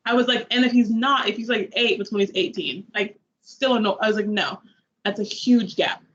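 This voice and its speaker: A woman's voice: fairly high pitch, fairly quick, a bit bright, muffled recording, a little hiss or hum. A young woman on a review panel, chatting casually about a movie, rambling with lots of "like" fillers and acting out her own reactions. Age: young adult.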